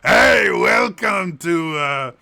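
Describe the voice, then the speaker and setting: A man voicing a jolly, good-natured male shopkeeper selling magic items, with a cheesy Russian accent and a loud, boastful sales pitch. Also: animated, extremely slow, vocal fry, heavily acted. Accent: cheesy put-on Russian.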